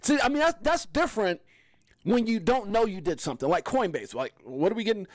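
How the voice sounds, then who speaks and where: Excitable high-voiced male livestream host. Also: fairly quick, no echo. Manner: excitable, rambling, mocking asides. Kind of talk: casual livestream commentary.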